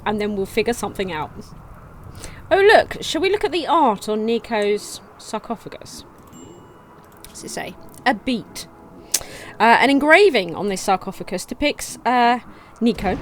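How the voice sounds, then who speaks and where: A woman casually commenting on her gameplay, reading game text aloud in a chatty way with sudden excited outbursts. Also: a little high, unhurried, a little hiss or hum. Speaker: let's play gamer.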